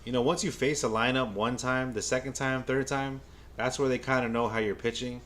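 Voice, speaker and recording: A man livestreaming a baseball game as a fan, giving casual play-by-play to his chat, stammering and repeating himself, then bursting out when a play excites him. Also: medium pitch, brisk. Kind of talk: casual live game watch-along commentary.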